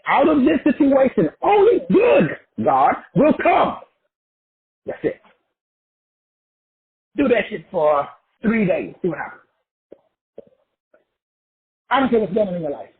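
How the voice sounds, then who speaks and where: Raspy high-voiced man lecturing over a phone-like call. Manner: emphatic and repetitive, stretching key words out slowly. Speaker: motivational teacher. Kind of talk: profane motivational lecture on a group call. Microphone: call audio.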